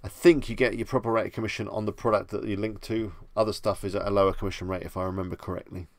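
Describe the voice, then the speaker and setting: A man's voice: fairly low pitch, fairly even intonation, rapid-fire, no echo. A young man with a Bedfordshire English accent, hosting a live stream and chatting easily with viewers as he answers their questions. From England. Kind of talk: casual live stream chat. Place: home room at night.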